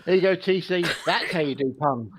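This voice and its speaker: A man's voice: fairly high pitch, a little fast, slightly rough. A man co-hosting a casual stream who makes puns and plays innocent. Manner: punning, mock-innocent joker. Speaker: stream co-host.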